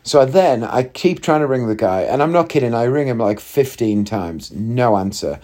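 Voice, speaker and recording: Chatty man with a mellow voice. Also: medium pitch, lively intonation, normal speed. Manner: chatty and rambling, with wry asides. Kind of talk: casual storytelling monologue.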